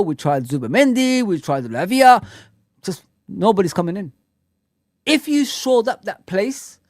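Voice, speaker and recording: High-voiced man ranting at a dry mic. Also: dry recording. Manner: animated, blunt ranting with slang asides. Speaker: fan channel host. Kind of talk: live football fan chat.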